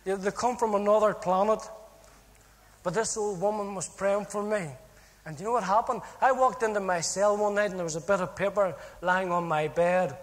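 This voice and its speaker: Irish guy cracking jokes through his testimony, high voice, big hall echo. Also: moderate pace. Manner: jokey, punchline-driven, animated. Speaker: speaker giving a testimony. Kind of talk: comic testimony storytelling.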